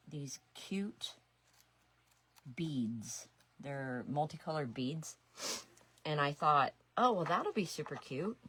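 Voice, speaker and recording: A woman's voice: deep voice, a bit bright, slight background noise. A woman in her sixties chatting casually on a craft livestream, talking to herself as she works. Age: 60s. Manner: chatty, talks to herself while working. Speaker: resin artist streaming live.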